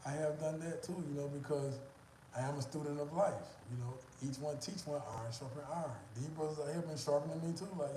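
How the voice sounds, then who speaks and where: A man rambles through a casual live-stream monologue, repeating himself and swearing freely between fillers. His voice sits at an ordinary middle pitch. He is captured on a phone in a restaurant, with a noticeable echo and steady background noise. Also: fast. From United States. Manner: rambling and repetitive, profane, heavy on fillers. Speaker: vlogger going live.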